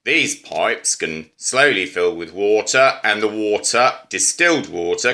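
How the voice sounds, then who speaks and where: A man's voice: sits low, pushed and bright. A man with an Australian accent, casually explaining an eco-friendly invention in a rambling, musing way. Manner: unhurried, musing, with fillers and asides. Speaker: amateur presenter explaining an invention.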